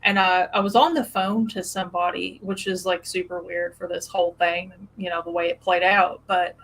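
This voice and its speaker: A woman hosting a casual chat, telling animated stories with plenty of fillers and laughs. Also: on the low side, normal speed, poor audio. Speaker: podcast host.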